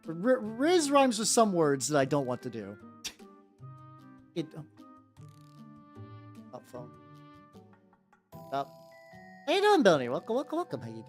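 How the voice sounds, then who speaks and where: A man streaming while he paints miniatures, chatting casually with viewers in an animated, rambling way and repeating his greetings. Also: on the high side, a little slow, pauses often. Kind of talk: casual livestream chat. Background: faint background music.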